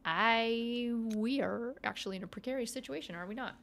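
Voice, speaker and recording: Young female game streamer with a slightly raised pitch, chatty and playful, talking to chat while she plays. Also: a little fast, creaky, fairly bright tone, a little hiss or hum. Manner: chatty and playful, thinking aloud, teasing back at chat. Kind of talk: casual gameplay commentary to a live chat.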